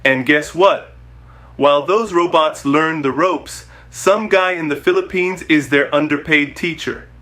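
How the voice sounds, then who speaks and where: Male host, fairly high pitch, jokey scripted narration with quick punchlines. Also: sharp tone. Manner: wisecracking, punchy jokey delivery.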